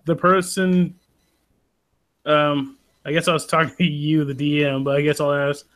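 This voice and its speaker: A man's voice: fairly high pitch, flat delivery, normal speed, fairly bright tone. A man playing in a tabletop game, casual and hesitant, with many ums and restarts. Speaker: player.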